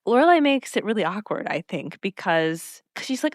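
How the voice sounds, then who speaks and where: Woman, podcast co-host, lively swooping pitch, dry close sound, casual storytelling. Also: moderate pace, few pauses, smooth, no room sound. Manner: animated storytelling, acts out quotes. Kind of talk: casual chat recapping a TV episode.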